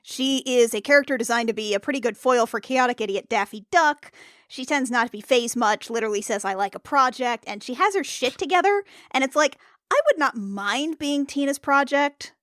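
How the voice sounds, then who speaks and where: A woman with a high voice muses on a comedy podcast panel, thoughtful and amused. Her voice is recorded close and dry. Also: animated, fairly quick, fairly bright tone, no echo. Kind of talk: casual comedic panel chat.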